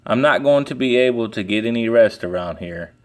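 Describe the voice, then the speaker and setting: A man reading aloud and voicing a slow, gloomy male donkey who speaks mildly. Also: mid-range voice, lively intonation, lightly acted. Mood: weary.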